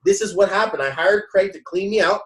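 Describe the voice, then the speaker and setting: A man's voice: high-pitched, a little fast. A man casually recounting his sessions, acting out other people's lines with many restarts. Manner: animated, quotes others in dialogue, frequent restarts. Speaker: host. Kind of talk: casual storytelling. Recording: echoey room, mic at a distance.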